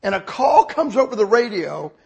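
A man in his sixties giving an emotional, humorous personal testimony, swinging from hushed reverence to excited shouting. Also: sits high, moderate pace, gravelly, slightly rough.

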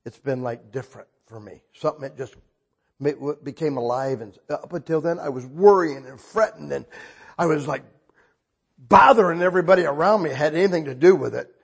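An older man preaching a sermon in a husky voice, talking conversationally and asking the congregation frequent questions. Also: on the high side, fairly quick. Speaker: pastor.

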